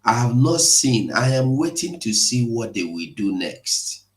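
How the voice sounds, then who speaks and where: A man hosting an impassioned live broadcast, pleading and emotional, at times rising to shouts. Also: mid-range voice, big pitch swings, unhurried. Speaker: online broadcast host. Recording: echoey room.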